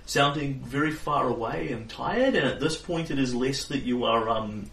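A man running a tabletop game as game master, relaxed and plain-spoken. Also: mid-range voice, moderate pace, vocal fry. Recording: roomy, distant mic, faint noise.

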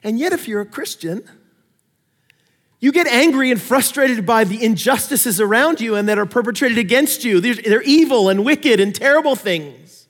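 A man preaching a sermon, telling stories with animated swings between loud emphasis and quiet asides. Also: very high-pitched, moderate pace, long reverb tail. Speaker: pastor.

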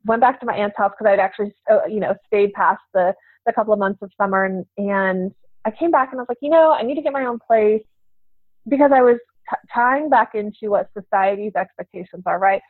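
A woman's voice: medium pitch, fairly quick, no echo. A woman guest on a podcast interview, speaking in a chatty way with frequent laughs and restarts. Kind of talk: casual interview chat. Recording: tinny phone-like line.

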